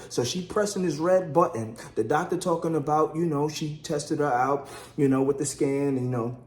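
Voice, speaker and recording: A man with a little-high voice narrates his wife's labor in a casual vlog, at normal speed, in a room full of echo. He's animated and chatty, speaking to viewers as "y'all" and voicing the quotes himself.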